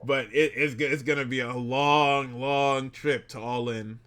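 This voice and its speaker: A man co-hosting a casual wrestling podcast chat, excitable and profane, laughing often as he talks. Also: mid-range voice, measured pace, smooth. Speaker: podcast co-host.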